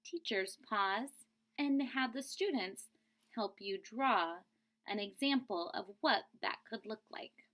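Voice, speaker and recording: A woman teacher reads a picture book aloud to a class, stopping now and then to explain word meanings. She speaks slowly and with a lively, swooping pitch, and her voice sits a little high. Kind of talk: read-aloud storybook lesson.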